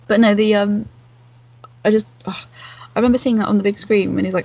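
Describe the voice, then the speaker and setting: A woman co-hosting a film podcast, chiming in quickly during the chat. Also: mid-range voice, steady tone, creaky, darkish tone, a little hiss or hum. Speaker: podcast co-host. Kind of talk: casual film review chat. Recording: dull lo-fi audio.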